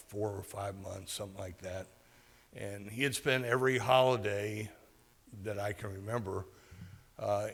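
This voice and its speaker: A man giving a speech to a club meeting, telling a personal story in a halting way with many fillers and restarts. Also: on the low side, vocal fry, a bit bright, big-room sound. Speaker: guest speaker at a club meeting. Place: meeting hall.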